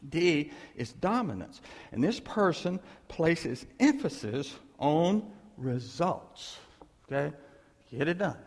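Gravelly animated preacher man, echoing hall. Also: on the high side, slow. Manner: animated, conversational, asks "okay?" often. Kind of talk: sermon.

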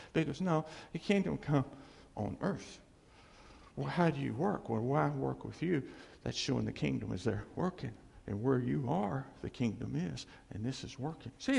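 A man's voice: medium pitch, vocal fry, darkish tone, breathy edge. A man preaching a conversational sermon in a church hall, repeating phrases for emphasis and checking in with the audience with "okay?" and "see?". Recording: long hall reverb.

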